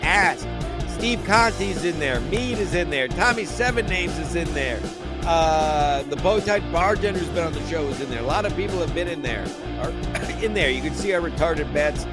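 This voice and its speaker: A man's voice: fairly high pitch, expressive, normal speed, loud music behind the voice. A young man hosting a sports podcast, brash and profane, rambling through his picks in casual talk.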